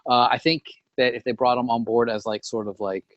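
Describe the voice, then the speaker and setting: Male co-host, mid-pitched, measured, dry close sound, lo-fi. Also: little pitch movement, no echo. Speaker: podcast co-host. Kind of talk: casual chat.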